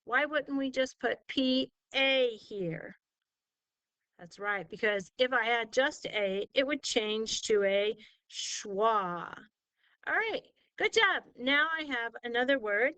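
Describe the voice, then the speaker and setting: An animated spelling teacher with a high-leaning, bright, forceful voice that is also clear and resonant speaks at a slow pace. She patiently sounds out words syllable by syllable for her student and praises answers, in a dry recording.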